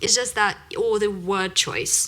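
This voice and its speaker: A woman from Russia, a native Russian speaker working as an accent coach, chatting as a podcast guest in quick bursts filled with "you know" and "like". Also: medium pitch, fairly bright tone, faint music behind. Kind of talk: casual interview chat.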